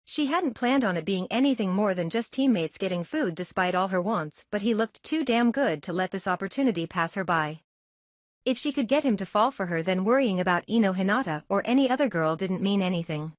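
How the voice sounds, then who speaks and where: A woman reading a fan-fiction story aloud in a steady, even narrating voice. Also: medium pitch, fairly quick, no room sound, dull audio. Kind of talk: audiobook-style story narration.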